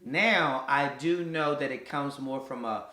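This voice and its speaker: A man with a bright, forceful voice chats on a podcast, teasing his partner and then turning thoughtful. The sound is roomy, with a clear echo off the walls. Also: mid-range voice, measured pace. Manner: joking, teasing, reflective. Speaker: podcast co-host. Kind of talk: casual chat.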